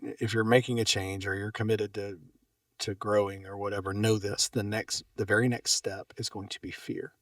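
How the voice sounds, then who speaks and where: A man's voice: lowish voice, flat delivery, moderate pace, no room sound, clean studio sound, far from the mic. A man guest on a conversation podcast, reflecting and telling anecdotes with emphasis. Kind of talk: casual conversation.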